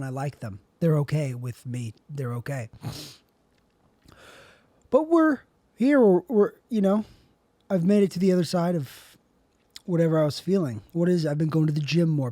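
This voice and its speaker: A man's voice: a little high, mellow, no echo. Rambling young man, dry close sound. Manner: rambling, repeats and rewords himself. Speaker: podcast host. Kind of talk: rambling solo monologue.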